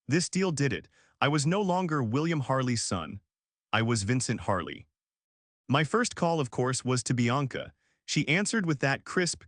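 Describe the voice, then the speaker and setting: Man, forties, mid-pitched voice, first-person story narration, even delivery. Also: no room sound, clean studio sound. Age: 40s.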